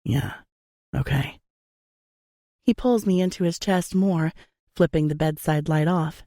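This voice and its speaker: A young adult woman narrating a first-person romance audiobook in an intimate, measured way on a close studio mic. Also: on the low side, steady tone, mellow, no echo.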